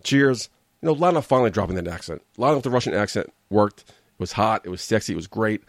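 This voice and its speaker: A fairly low-voiced man rants in a blunt, sarcastic way, sounding worn out and exasperated. His voice sits close and dry with no room around it. It comes across as a casual talk-show take from a regular host. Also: animated, quick pace, no echo. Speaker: wrestling commentary host. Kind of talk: casual opinion rant.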